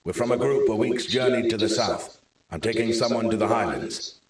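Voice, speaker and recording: A man voicing an air force officer pinned behind a car, shouting and pleading, then speaking firmly, in a storybook reading. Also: lowish voice, normal speed, distant mic, natural voice. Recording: very echoey room.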